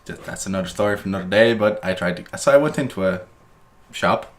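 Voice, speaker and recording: A man co-hosting a casual podcast, telling a story in a fast, rambling way with restarts and indignant bursts. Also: on the low side. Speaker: podcast co-host.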